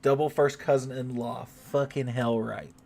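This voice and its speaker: A man's voice: medium pitch, flat delivery, unhurried, vocal fry, a little mellow. Joking male streamer with a drawl. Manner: joking, talks to chat, swears. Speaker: game streamer. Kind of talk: casual live-stream chat.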